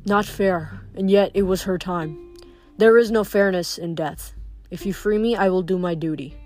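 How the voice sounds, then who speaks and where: A woman reading aloud, voicing a calm, solemn male god of death in a storybook. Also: fairly low pitch, normal speed, soft background music, close to an everyday voice. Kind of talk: audiobook reading.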